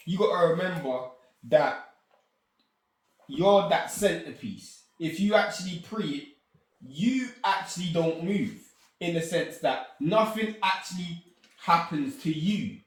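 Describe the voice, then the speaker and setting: A man explains his ideas earnestly, often checking in with his listener. His voice sits a little high. It rings out in a very echoey room, away from the mic. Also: measured pace, distant mic. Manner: earnest, explaining, repeats you know what I'm saying. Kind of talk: reflective casual chat.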